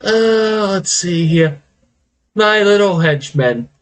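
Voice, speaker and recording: Theatrical undead lich villain, vain and gleeful, high lilting voice, put on by a male game master. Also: lively intonation, slow. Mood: gloating. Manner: hammy, sing-song, gloating.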